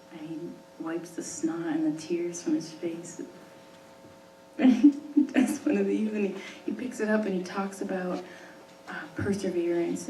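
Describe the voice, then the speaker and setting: A woman teacher tells a personal story on stage in a casual, conversational way, laughing often and restarting sentences as she goes. Her voice sits at an ordinary pitch. It is picked up from a distance in a large, echoing hall, with a faint hiss behind it. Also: warm tone. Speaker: high school English teacher. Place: stage in an arts center hall. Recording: roomy hall, distant mic, faint noise.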